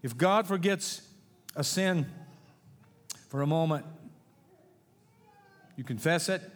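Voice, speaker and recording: A man's voice: on the high side, takes it slowly. A middle-aged man preaching a sermon in a folksy way, mixing jokes with scripture in a church sanctuary. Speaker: pastor. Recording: long hall reverb.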